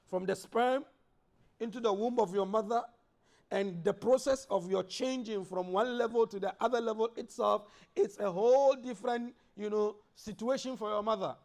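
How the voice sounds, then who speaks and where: A man's voice: sits high, normal speed, gravelly, darkish tone. A man giving a sermon in a mosque, preaching with rising emphasis and reciting Arabic verses. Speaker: imam.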